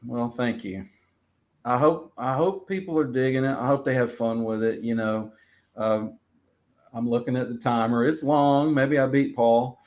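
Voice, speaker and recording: Relaxed, rambling male musician guest. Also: medium pitch, normal speed. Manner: relaxed, rambling, many fillers. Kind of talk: casual interview.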